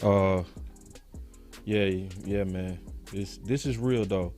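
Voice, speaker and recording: A man's voice: sits low, takes it slowly, darkish tone, faint music behind. A man from Dallas hosting a sports talk show, ranting passionately and cursing freely. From Dallas, Texas.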